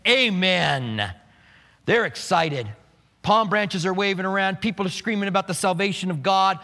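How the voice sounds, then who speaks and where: A man preaching a sermon in an animated way, acting out the scenes he describes. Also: sits high, fairly quick, big-room sound. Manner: animated, acts out scenes with quoted voices. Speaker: pastor.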